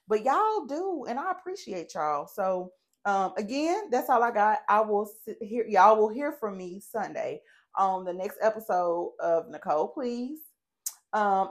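Woman host doing a solo podcast rant: animated, profane, talks right to her listeners. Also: medium pitch.

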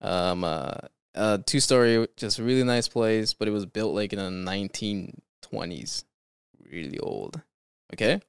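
With a fairly low, smooth voice touched by vocal fry, this California podcast host keeps a measured pace, laughing a lot and rambling through fillers before he reads stories aloud. The sound is clean studio audio with no echo.

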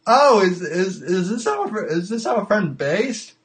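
A man hosts a casual livestream call-in show, speaking slowly and unhurriedly. He stammers often and repeats words as he goes. His voice sits a little above the usual male pitch. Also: big pitch swings. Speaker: podcast host.

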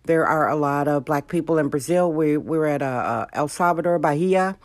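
An American woman hosts her podcast in a relaxed, chatty monologue. She speaks a little low, with a dry, close sound, and now and then acts out the people in her stories. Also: fairly quick, dry recording. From United States. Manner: animated storytelling, acting out quoted voices. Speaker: podcast host. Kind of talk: casual monologue.

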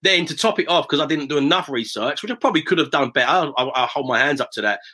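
Man, husky voice, rapid storytelling, interview guest. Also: a little high. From south-east England, near Romford. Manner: lively anecdotal, acts out quoted voices. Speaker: property investor, guest.

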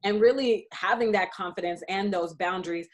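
A woman's voice: medium pitch, normal speed. A woman hosting a casual interview, encouraging her guest and asking guided questions. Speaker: host.

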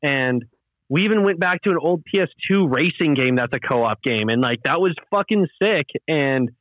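A man's voice: on the high side, lively intonation, moderate pace, no room sound. A young man, a podcast host, chatting casually in a laid-back, rambling way with lots of fillers and swearing. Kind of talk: casual chat. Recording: muffled lo-fi audio.

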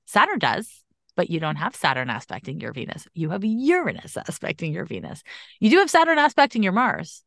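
A woman's voice: on the low side, brisk, creaky, no echo. Emphatic woman astrologer, dry sound. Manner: emphatic, animated, casual swearing. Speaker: astrologer podcast host. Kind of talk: conversational astrology reading.

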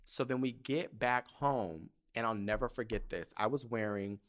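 A man in his thirties hosting a podcast, telling a story in a casual, animated way, cursing freely and laughing mid-sentence. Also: mid-range voice, normal speed. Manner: animated, profane, laughs mid-sentence, swings loud to hushed. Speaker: podcast host.

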